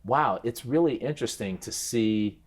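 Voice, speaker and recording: A man in his fifties, an interview guest, telling his stories in a thoughtful conversational way, with frequent restarts and bursts of speed when he gets animated. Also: mid-range voice, moderate pace, over a noisy crowd. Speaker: interview guest, former basketball player. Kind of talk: reflective conversational storytelling.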